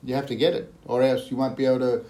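A man rattles along quickly in casual podcast chat. He talks in loose, rambling runs and keeps checking in with his listener. His voice sits at a middle pitch. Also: flat delivery, dark tone. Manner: rambling, lots of "you know what I mean". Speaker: podcast co-host.

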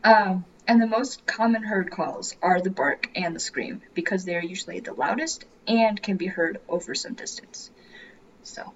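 A woman's voice: lowish voice, normal speed. A woman co-hosting a podcast, chatting casually and sharing facts with filler words. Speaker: podcast co-host. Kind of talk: casual chat. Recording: slightly dull lo-fi recording with faint hiss.

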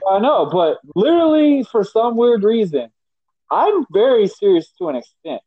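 A man hosting a casual podcast, telling stories with lively quoted voices. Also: high-pitched, normal speed, no echo. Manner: animated storyteller, voices others in quotes. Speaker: podcast host. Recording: dry, dull lo-fi sound.

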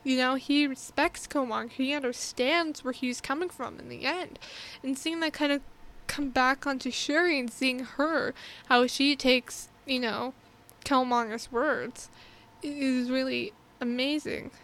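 A woman with a high voice talks through a film in a casual review vlog. She is earnest and heartfelt, rambling and restarting her thoughts as she goes. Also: a little slow, a bit bright, slight background noise. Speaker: movie reviewer.

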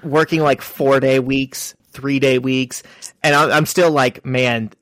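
Speaking slowly in a steady, medium-pitched voice that's a bit bright, this man co-hosts a podcast with no echo in the recording. His casual chat features stories in which he performs small quoted lines.

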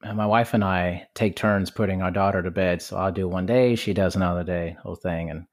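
A man's voice: sits low, fairly even intonation, a little fast. A man hosting a podcast, chatting casually and easily sharing his own family anecdotes. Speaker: podcast host. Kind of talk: casual chat.

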